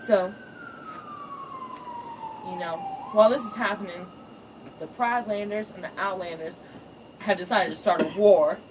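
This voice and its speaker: A woman's voice: mid-range voice, very animated, moderate pace, pauses often. Irreverent woman telling a story. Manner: irreverent, profane, chatty. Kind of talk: comedic retelling of an animated film. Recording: distant mic, noisy ambience.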